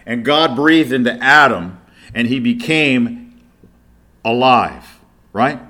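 A man's voice: mid-range voice, animated, takes it slowly, pushed and bright. A middle-aged man preaching a sermon, reading scripture aloud with emphasis and asking rhetorical questions.

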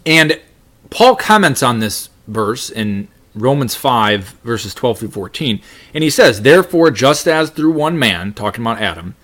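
A man's voice: medium pitch, sing-song, unhurried, fairly bright tone. A man teaching a Bible study lesson, reading scripture aloud and talking it through with many restarts. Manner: reads scripture aloud, frequent restarts and fillers.

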